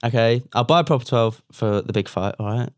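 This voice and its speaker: A young man co-hosting a casual chat, given to animated, mock-exasperated rants. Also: medium pitch, a little fast, no room sound, studio quality.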